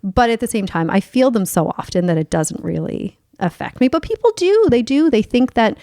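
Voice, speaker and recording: A woman's voice: mid-range voice, expressive, normal speed, dark tone, no room sound. Lady hosting a podcast, bubbly and swears a lot, dead dry close mic. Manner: bubbly, playful and openly profane. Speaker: podcast host and sex coach. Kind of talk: candid podcast chat.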